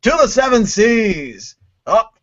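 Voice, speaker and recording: A swaggering pirate captain bellows out a bold prediction in theatrical pirate talk, as a man puts him on. The voice sits fairly high for a man. The podcast audio sounds muffled and lo-fi. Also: very animated, takes it slowly, a bit bright, exaggerated voice. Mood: boisterous. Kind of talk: playful pirate voice for a price prediction.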